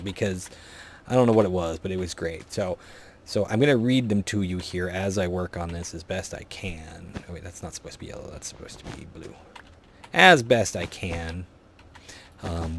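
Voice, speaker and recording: A man's voice: sits low, a little hiss or hum. A young man telling a rambling story in a casual, chatty way while playing a game, often trailing off into muttered asides. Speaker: gaming vlogger.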